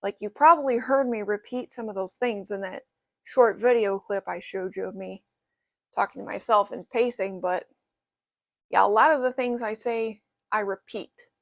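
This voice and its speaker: A young woman chats to camera in a relaxed, rambling vlog, filling pauses with "you know" and "like." Her voice sits at an ordinary middle pitch. The sound is close and dry. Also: creaky, dry recording. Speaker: vlogger. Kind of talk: casual vlog talk to camera. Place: her bedroom.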